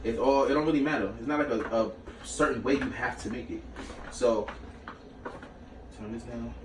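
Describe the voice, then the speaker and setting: A man's voice: medium pitch, fairly even intonation, normal speed, distant mic. A man talks through a recipe in a small home kitchen, loose and slangy, breaking off into side stories. He sits back from the mic, so the room echo is strong. A faint noise runs underneath. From New York. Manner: slangy, chatty, jumps between recipe and stories. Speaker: cooking show host. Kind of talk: casual cooking vlog storytelling.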